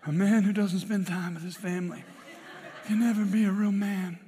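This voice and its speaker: A pastor doing a solemn old mafia boss. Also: male voice, high voice, steady tone, dark tone, slight background noise, pitched above the performer's own voice. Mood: grave. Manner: mock-solemn impression with a deliberately poor accent.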